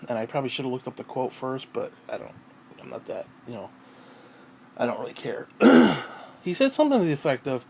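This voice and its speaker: A man ranting casually at home, profane and rambling, often clearing his throat and short of breath. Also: medium pitch. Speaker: vlogger.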